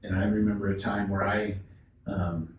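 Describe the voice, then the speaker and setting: A man who is a guest on a podcast, telling a sales story with animated delivery, acting out the dialogue and often restarting his sentences. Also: on the low side, normal speed, muffled recording. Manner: acts out dialogue, frequent restarts. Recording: echoey room, distant mic, faint noise.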